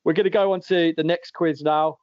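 A fairly high-voiced man hosts a relaxed podcast quiz at a brisk pace, joking and chuckling as he reads questions and answers. The audio is dull, lo-fi and dry, recorded close with no echo.

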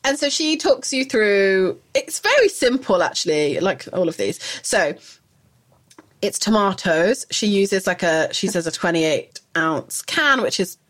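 A woman co-hosts a podcast in a loose, casual chat. Her voice sits at an ordinary middle pitch, and she rambles, restarts and laughs often as she goes. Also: expressive, measured pace, a bit bright. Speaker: podcast co-host.

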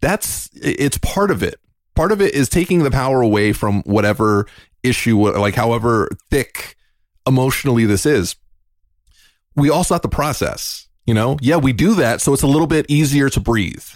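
A man's voice: mid-range voice, lively intonation, moderate pace, no room sound, clean studio sound. Frank, joking male podcast host. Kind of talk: casual podcast chat.

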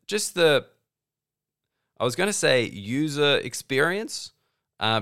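An Australian man in his thirties delivers a loose, sardonic comedy monologue. He acts out both sides of the exchanges he describes, with a very smooth, resonant voice at a middle pitch. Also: fairly bright tone. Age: 30s. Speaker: comedian and podcast host.

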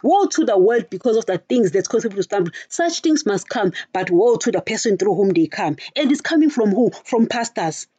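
A woman's voice: mid-range voice, lively intonation, brisk, hardly any pauses, warm tone, breathy edge, no room sound. Angry woman preaching on her podcast. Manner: angry, repetitive, addresses listeners as guys. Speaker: podcast host. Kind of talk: impassioned religious podcast monologue.

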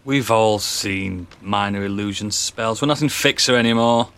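A man's voice: fairly low pitch, moderate pace, a bit bright, smooth. A man playing a tabletop game, making wry, dry remarks. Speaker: player. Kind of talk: casual tabletop game chat. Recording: audible background noise.

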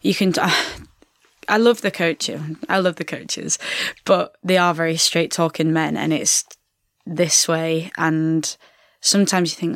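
A young woman talks in a loose, chatty way, circling back over her points and dropping in plenty of fillers. Her voice has a gravelly, creaky edge, and the recording is dry and close, with no room sound. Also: low-pitched, fairly even intonation, takes it slowly, dry recording. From England. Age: 20s. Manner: chatty, repeats herself, many fillers. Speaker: rugby player guest. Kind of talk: casual interview chat.

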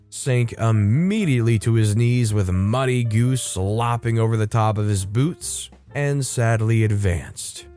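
A man's voice: medium pitch, darkish tone. Wry man narrating a story.

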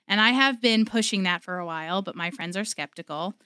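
An American woman speaks as a podcast guest, chatty and enthusiastic. Her voice is bright and crisp, recorded dry and close. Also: medium pitch, brisk, dry recording. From United States. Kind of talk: podcast interview.

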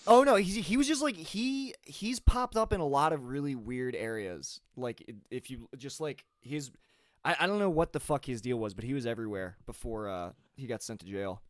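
Guy guesting on a zoom podcast, says like constantly, animated high-ish voice, dry sound. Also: moderate pace, dry recording. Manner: rambling, many "like"s, laughs easily. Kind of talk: casual chat. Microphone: video call.

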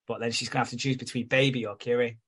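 A man's voice: mid-range voice, level tone, very fast, fairly bright tone, breathy edge. A man co-hosting a podcast, recapping soap episodes in casual, sweary chat and acting out the characters' lines. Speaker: podcast co-host.

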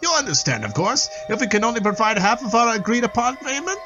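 A man's voice: extremely high pitch, very animated, quick pace, dull audio, over music, pitched above the performer's own voice. A man voicing a smug, condescending male trader in a game, speaking in an oily, patronizing sing-song.

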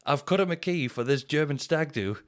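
A man hosting a podcast, telling a casual anecdote in a rambling way, with quick restarts and acted-out quotes. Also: a little high, animated. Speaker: podcast host.

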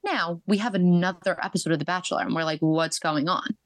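A woman guest on a podcast, telling stories in a chatty, animated way, full of "like" and "um". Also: lowish voice, brisk, dry recording. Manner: chatty, animated, many fillers like "like" and "um". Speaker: podcast guest, reality show contestant. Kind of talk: casual storytelling interview.

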